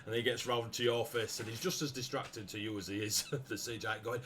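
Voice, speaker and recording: Lively male game master narrating. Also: lowish voice, fairly quick, a crowd in the background. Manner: lively, laughs often, bursts into shouted character lines.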